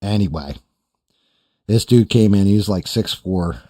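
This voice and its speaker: Mellow and lowish, the host's voice moves at a measured pace in a dry, clean studio recording. He's telling a long, profane, meandering story on his podcast, slipping into quoted voices as he chats.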